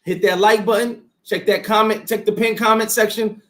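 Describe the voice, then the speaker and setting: Animated high-voiced male host. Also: normal speed. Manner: animated, preachy motivational. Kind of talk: casual chat.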